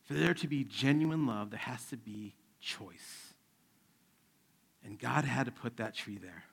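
A middle-aged man, a pastor, preaching a sermon in a relaxed, conversational way with stories from home. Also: mid-range voice, measured pace, gravelly, slightly rough. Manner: conversational preaching, acts out his kids' voices.

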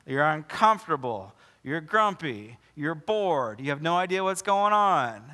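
Joking casual pastor preaching. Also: male voice, fairly high pitch, very animated, bright, forceful tone. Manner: casual, joking asides between slow dramatic scripture reading. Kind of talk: sermon.

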